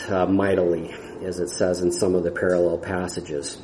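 Male preacher, low mellow voice, earnest and halting, Bible-study sermon recorded in a reverberant church hall. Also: little pitch movement, slight background noise. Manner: earnest, halting with restarts and fillers. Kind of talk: expository sermon.

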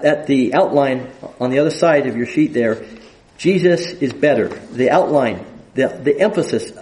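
Guy teaching bible study, kinda high voice, slow and halting, lots of ums. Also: darkish tone, poor audio. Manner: halting, with frequent fillers and restarts; reads scripture aloud with rising emphasis.

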